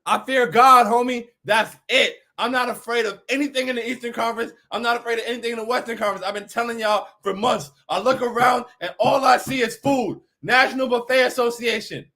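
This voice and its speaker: A man's voice: very high voice, fairly even intonation, brisk, creaky, few pauses, sharp tone. A man hosting a postgame fan stream, reading chat messages aloud and reacting in a hyped, emphatic voice that repeats lines for effect.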